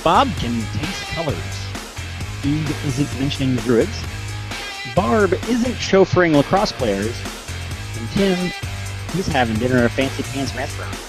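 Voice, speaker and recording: A man's voice: fairly high pitch, big pitch swings, measured pace, music in the background. A man hosting a casual online panel show from a video call, joking and mocking himself as he introduces the crew. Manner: joking, self-mocking, playful.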